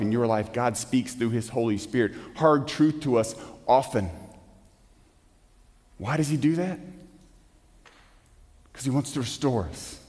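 A man preaching a sermon as pastor in a church, emphatic, asking rhetorical questions and dropping suddenly to a hush. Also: mid-range voice. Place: church sanctuary. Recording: long hall reverb.

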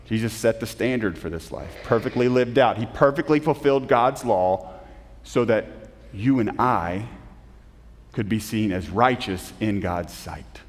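Man preaching in a reverberant church. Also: on the low side. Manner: earnest preaching with emphatic rises and soft, slow drops. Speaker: pastor. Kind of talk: sermon. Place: church sanctuary. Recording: long reverb of a church hall.

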